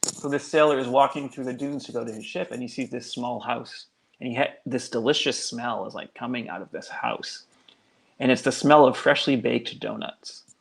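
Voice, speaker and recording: A man's voice: mid-range voice, moderate pace, gravelly. A male guest author telling a local legend in a casual, chatty way, full of fillers. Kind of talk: casual storytelling.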